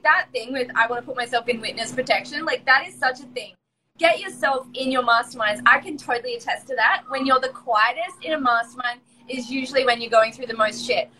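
Podcast host, woman, very bright and high, gushing with praise. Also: a little hiss or hum, low-quality recording. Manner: gushing, laughing through tears, shrieks quotes. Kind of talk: excited podcast chat.

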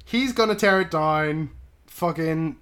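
A man's voice: a little high, slow, fairly bright tone, clean tone. A man co-hosting a podcast, recapping a movie in casual, profane chat and tagging lines with "right?". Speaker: podcast co-host. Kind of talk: casual film-review chat.

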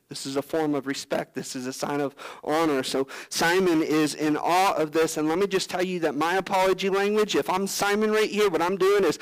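A pastor preaching a sermon, earnest, often acting out prayers and the words of Bible figures. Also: male voice, fairly high pitch, moderate pace, clear, resonant tone, low-quality recording.

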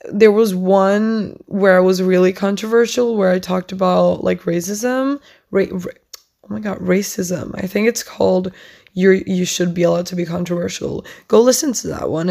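Give me a young woman hosting a casual solo podcast. She rambles in a chatty way, peppering her talk with "like" and "oh my God". Her pitch sits in the middle, and a creaky vocal fry runs through her voice. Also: darkish tone. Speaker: podcast host.

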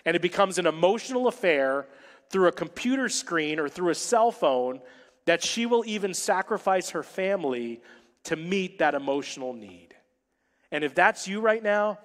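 A married man preaching a sermon as pastor to his church, with humorous asides and dramatic pauses. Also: high voice, expressive. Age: adult, married. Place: large church hall. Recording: long reverb of a church hall.

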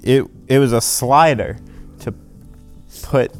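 A man's voice: mid-range voice, takes it slowly, faint music behind. Joking young man on a podcast. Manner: joking, bossy storyteller, acts out phone calls. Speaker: podcast co-host. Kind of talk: casual chat.

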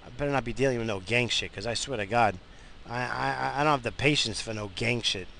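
A tired man rambles through a casual monologue from his car as host of his own show. His voice is gravelly and fry-laden, yet bright and forceful in tone, and he restarts sentences often. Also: mid-range voice, fairly quick, slight background noise. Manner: rambling, with frequent restarts and fillers. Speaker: podcast host. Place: in a car, driving.

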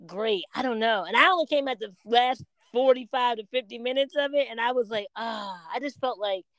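A woman co-hosting a podcast in casual chat, telling stories with lively self-quotes. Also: fairly high pitch, a little fast, no echo. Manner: animated storytelling, quotes herself and others. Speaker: podcast co-host.

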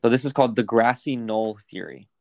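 A man's voice: medium pitch, a little fast, creaky, darkish tone, no room sound. A young man co-hosting a casual podcast, reading facts aloud and rambling into stories, with lots of swearing. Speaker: podcast co-host.

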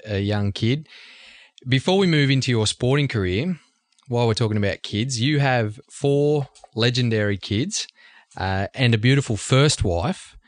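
A man's voice: fairly low pitch, dry recording. Male interview host, dry close sound. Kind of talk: interview questions.

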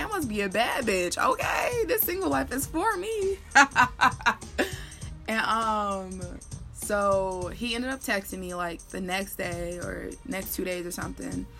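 Young woman storyteller in her twenties, animated and slangy, quick to laugh, mid-pitched voice, faint music behind. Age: 20s. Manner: animated, slangy, laughs and shouts when quoting herself. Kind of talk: casual storytime.

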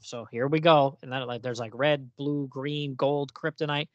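Animated comic recapper, dry close sound. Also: medium pitch, normal speed, few pauses, no echo. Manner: animated, reads comic captions aloud, asks puzzled questions. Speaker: podcast co-host recapping a comic. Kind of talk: casual chat.

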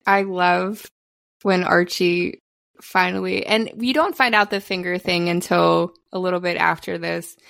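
A woman co-hosting a podcast in casual chat, animated, acting out quotes from a film. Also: lowish voice, unhurried, creaky, dry recording, studio quality. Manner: animated, acts out quotes, laughs often. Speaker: podcast co-host.

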